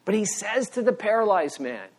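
Middle-aged pastor preaching with animated storytelling. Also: male voice, high voice, moderate pace. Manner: animated storytelling, voice rising for emphasis. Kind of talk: sermon.

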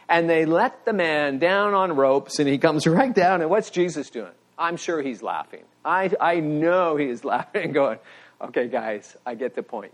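A middle-aged man preaching a sermon as pastor, telling stories with animated emphasis and a voice that rises when he makes a point. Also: on the high side. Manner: animated storytelling, voice rising for emphasis.

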